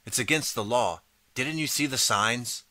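A man's voice: medium pitch, unhurried, pushed and bright, dry recording, voice pushed up. A man voicing a stern, menacing woman officer in an audiobook story.

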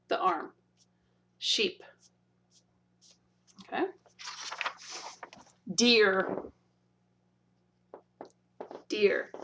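Patient, slow-talking woman teacher. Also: on the high side. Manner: patient, checks in with frequent "okay?"; demonstrates slowly, repeating each word. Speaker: sign language teacher. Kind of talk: instructional video lesson.

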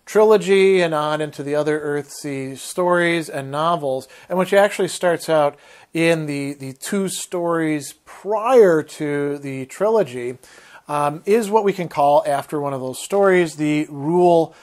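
A man's voice: on the high side, unhurried, a little mellow. A man giving a literature lecture, thinking aloud with hesitant restarts and reading passages aloud.

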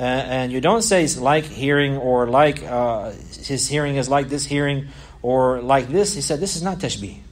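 A man teaching a religious lesson, explaining a classical text, repeating and restarting phrases and reading quoted passages quickly. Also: medium pitch.

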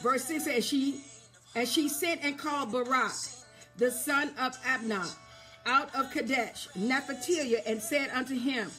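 With a high voice, a woman preacher delivers a sermon, repeating refrains and asking the congregation if they hear her as she builds up to shouts.

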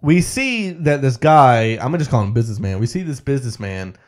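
A man co-hosting a podcast, casually recapping a movie in an animated way and laughing often. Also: mid-range voice, fairly quick. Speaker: podcast co-host.

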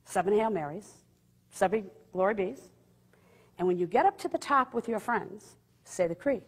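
A woman voicing a calm man who gives her prayer instructions, close to her own husky voice. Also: medium pitch, normal speed. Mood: instructive. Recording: long hall reverb.

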